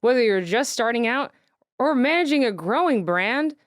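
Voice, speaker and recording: A woman co-hosting a podcast, reading a sponsor ad in a playful deadpan way. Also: on the high side, normal speed, no echo, clean studio sound. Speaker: podcast host.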